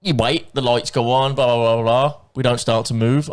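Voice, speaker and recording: A man co-hosts a podcast in a casual, chatty way. His story wanders, piles on quoted dialogue and lets the swearing slip in. His pitch sits in the ordinary middle range. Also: steady tone, brisk, few pauses, smooth. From England. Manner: rambling anecdote with swearing and acted-out quotes. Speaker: podcast co-host.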